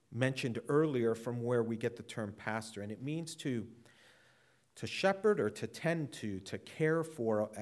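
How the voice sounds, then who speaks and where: A man's voice: fairly low pitch, a little mellow. A man preaching a sermon in an earnest, sober way, often repeating words as he presses a point. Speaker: pastor.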